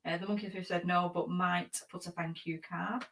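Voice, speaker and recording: Quiet woman reading out comments. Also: lowish voice, flat delivery, normal speed, poor audio. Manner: reads comments aloud, quiet, giggly. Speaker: co-host reading chat. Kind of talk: live-stream chat reading viewer comments.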